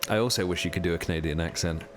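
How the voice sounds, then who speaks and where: Over background noise, a low-pitched man talks rapid-fire while streaming a video game live. Chatty and rambling, full of fillers, he reads the chat and responds to viewers' questions mid-play.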